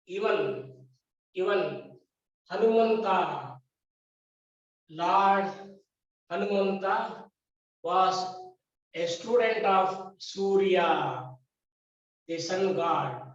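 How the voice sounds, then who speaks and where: A man's voice: sits high, drawn-out words, pauses often. A man with an Indian English accent, a yoga teacher lecturing his class in short, repeated, emphatic phrases. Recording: echoey dull recording from a distance.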